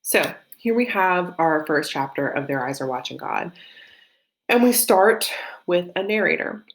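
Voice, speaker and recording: Low-voiced woman with a light Southern lilt. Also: animated, unhurried. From Southern United States. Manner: chatty and thinking aloud, with frequent "um" and self-corrections. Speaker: literature teacher. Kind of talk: recorded classroom lesson.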